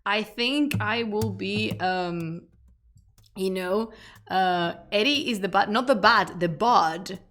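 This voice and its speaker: A chatty woman with as her talks loosely to her stream viewers, laughing and circling back mid-sentence. Her voice sits at a middle pitch. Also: slow, fairly bright tone. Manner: chatty and laughing, with frequent restarts and fillers. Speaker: streamer, history channel host. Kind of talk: casual live-stream chat to viewers.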